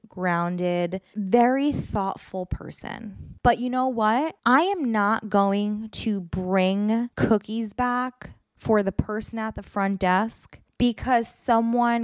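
A woman's voice: mid-range voice, no echo. Young woman podcaster ranting, blunt and sweary, dry close sound. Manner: blunt, profane, exasperated ranting. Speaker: podcast host. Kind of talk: solo podcast rant.

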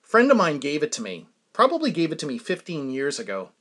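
A man's voice: fairly high pitch, wildly swooping pitch, a little fast, a bit bright, slightly rough. Chuckling New England man telling a story. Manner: rambling, self-amused, chuckles often, drops to a mutter for asides. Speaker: podcast host. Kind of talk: casual storytelling monologue.

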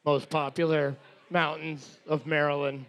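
A man's voice: fairly high pitch, little pitch movement, measured pace, fairly bright tone. A young man co-hosting a bar trivia night, cracking teasing jokes alongside the host. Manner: wisecracking, teasing. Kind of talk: casual bar banter.

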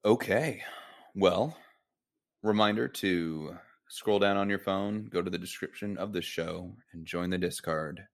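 Male co-host, very low voice, playful quipster. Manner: jokey, quick quips. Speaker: podcast co-host. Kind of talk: casual chat.

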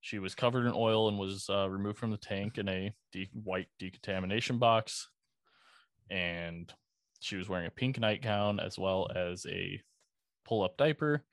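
A man with a low-pitched voice talks through events in a casual, conversational way, dropping profanity and dry sarcastic asides as he goes. The sound is close and dry, with no room around it. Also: normal speed, no echo. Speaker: podcast host. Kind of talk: casual true-crime narration.

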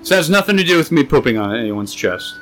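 Young dude rambling crude stories on a podcast, swoops up and down a lot, bright voice. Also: male voice, fairly high pitch, sing-song, fast talker, soft background music, low-quality recording. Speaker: podcast co-host. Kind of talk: casual crude chat.

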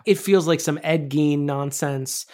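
A podcast co-host in casual chat, animated and emphatic, swearing casually. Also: medium pitch, unhurried.

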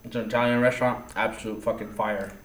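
A man's voice: on the low side, level tone, quick pace, echoey room, low-quality recording. A man co-hosting a podcast, telling stories in casual chat, full of swearing and laughter. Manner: profane, laughing storyteller. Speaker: podcast co-host.

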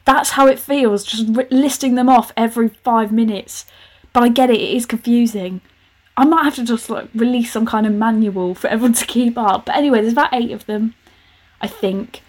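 A woman's voice: a little high, brisk. A young woman hosting a podcast, chatting sarcastically and rambling with frequent laughing asides. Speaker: podcast host. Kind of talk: casual comedic reading commentary.

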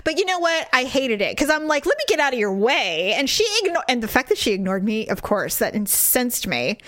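In clean studio audio with no echo, a woman with a rather high, brisk voice co-hosts a podcast. She tells a story in casual conversation with animated delivery, acting out people's quotes.

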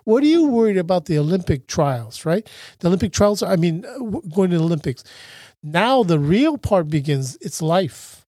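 A man putting on a gruff blunt father. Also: high-pitched, big pitch swings, normal speed, dark tone, no room sound, studio quality. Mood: scolding. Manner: blunt, cursing, scolding. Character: gruff blunt father scolding his son.

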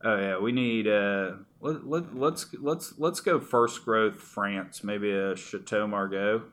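A man's voice: lowish voice, takes it slowly, a bit bright. A middle-aged man in casual conversation, telling personal stories in a rambling way with frequent restarts. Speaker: guest.

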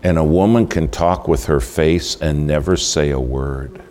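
A man's voice: very deep voice, unhurried, darkish tone. A man preaching a sermon, telling folksy stories and asking the audience questions.

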